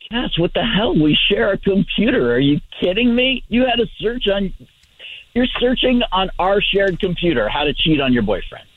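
A man's voice: high voice, big pitch swings, moderate pace. A man on the phone, angrily confronting his girlfriend with disbelieving questions. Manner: hesitant, then angry and incredulous. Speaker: caller. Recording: tinny phone line.

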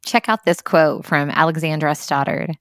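Gentle, earnest woman, fairly low voice. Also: normal speed, no echo, studio quality. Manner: warm, gentle and earnest, laughs easily. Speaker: podcast host. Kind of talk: daily encouragement talk.

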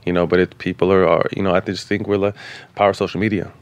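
A man's voice: low voice, level tone, racing, smooth, highs cut off. A man hosting an interview, laid-back, with lots of affirming murmurs and follow-up questions. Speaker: host.

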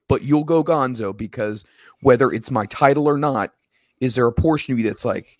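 A man's voice: mid-range voice, fairly quick, no room sound. Questioning man with a dry close sound. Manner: probing, questioning, builds arguments. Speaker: podcast co-host. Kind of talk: casual wrestling chat.

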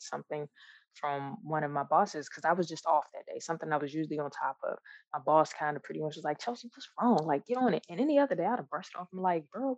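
A woman with a notably low voice, talking candidly and reflectively in conversation. She often restarts her sentences and laughs softly. The sound is dry and a little dull. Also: no room sound. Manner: reflective, earnest, with frequent restarts and soft laughs.

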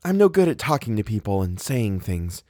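A hurt young woman who holds her voice tight and formal, keeping her distance with stiff politeness, as a man puts her on for a storybook reading, pitched a little higher than his low voice. The recording is dry and close. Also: sing-song, normal speed, darkish tone, no echo. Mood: defensive.

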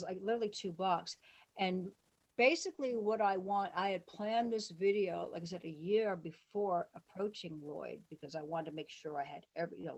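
A woman talking in a casual interview, her voice husky and a little low. She rambles through stories, jumping up in pitch when she acts out what other people said. The whole thing sounds like loose, excited storytelling. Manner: rambling, animated, quotes people in lively voices. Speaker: interview guest, musician.

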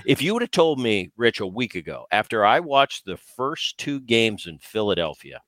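A man who is a former player and co-host, talking baseball in casual, animated chat full of restarts. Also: lowish voice, normal speed, no room sound. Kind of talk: casual sports talk.

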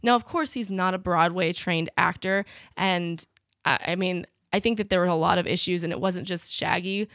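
A woman's voice: fairly low pitch, normal speed, fairly bright tone, dry recording, studio quality. A woman co-hosting a casual podcast chat, explaining plot points in a wry, critical way. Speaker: podcast co-host. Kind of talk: casual chat about a musical.

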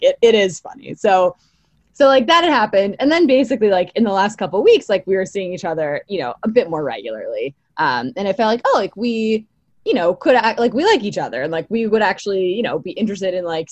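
A young woman telling a long personal story in casual chat, full of fillers and quick laughs. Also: mid-range voice, big pitch swings, no room sound, muffled recording. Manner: chatty, many fillers, laughs easily. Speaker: podcast guest.

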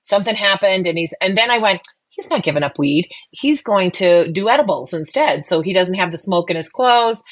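A woman's voice: on the low side, expressive, moderate pace. A middle-aged woman with a Boston accent chats away as a podcast co-host. She talks in a loose, self-deprecating way and often stumbles and restarts her sentences. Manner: chatty, self-deprecating, many restarts and fillers. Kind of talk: casual podcast chat.

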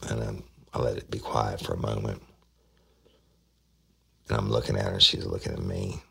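A middle-aged man with a drawl narrates a true-crime case in a blunt, unhurried, profane way. His voice sits extremely low, thick with vocal fry and a husky edge. It sounds like a podcast storyteller talking straight to his listeners. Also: steady tone, sharp tone. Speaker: host, former investigator telling a case.

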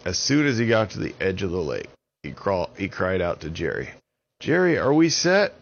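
A man telling a children's story in an unhurried, expressive way. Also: low-pitched, gravelly, muffled recording.

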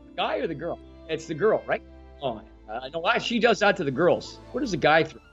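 A man's voice: on the high side, sing-song, brisk, a bit bright, husky. Podcast guest, male, 40s, from Ontario; loose, self-deprecating storyteller; dull audio, faint music behind. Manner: rambling, self-mocking anecdotes with frequent restarts. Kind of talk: casual storytelling chat.

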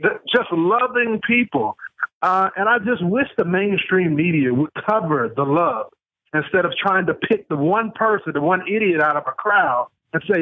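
Animated man on a tinny phone line. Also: high voice, moderate pace, no room sound. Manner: animated, stumbling repeats. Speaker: correspondent calling in. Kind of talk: phone-in interview.

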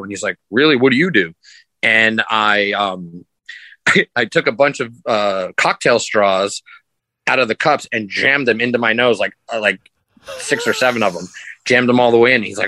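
A sideshow performer guesting on a podcast tells rambling stories in a fairly low, brisk voice, acting out what people said in a raised voice. It's casual, animated storytelling, recorded with no echo but in low quality.

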